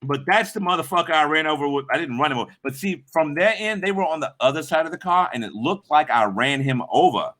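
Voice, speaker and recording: A man's voice: a little high, lively intonation, fast, hardly any pauses, a bit bright. A middle-aged man hosting a livestream, telling rambling, profane stories to his chat and acting out the voices of the people in them. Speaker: livestream host. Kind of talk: casual storytelling to a live chat.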